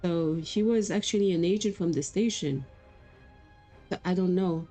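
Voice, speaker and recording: A woman's voice: on the low side, moderate pace, mellow, faint music behind, poor audio. A woman streaming a game, chatting casually and telling rambling stories with frequent laughs. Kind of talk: casual gameplay chat.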